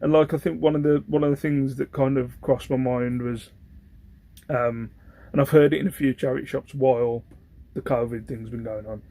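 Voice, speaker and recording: A man's voice: mid-range voice, steady tone, normal speed, warm tone. A young British man, the host, telling a story in a casual, rambling way and often asking if you know what he means. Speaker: host, online reseller.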